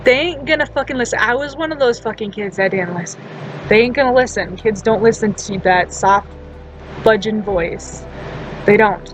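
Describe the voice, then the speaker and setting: A woman with a slightly high voice talks casually at a moderate pace in a storytime vlog, blunt and profane. Her loose, chatty delivery rambles with frequent laughs, fillers, and restarts, over soft background music on a rough recording.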